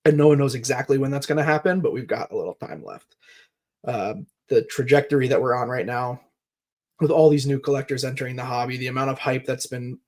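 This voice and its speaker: A man's voice: mid-range voice, fairly even intonation, fairly quick, a little mellow. A man in his thirties co-hosting a podcast, explaining in a rambling way with many fillers. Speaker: podcast co-host. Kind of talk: casual chat, market talk.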